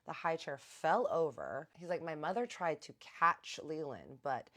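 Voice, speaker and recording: A woman's voice: low voice, sing-song, unhurried, fairly bright tone. A woman casually telling a personal story to her viewers, retelling the conversation line by line with "I was like" and "he's like". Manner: chatty, addresses viewers directly. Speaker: storytime host.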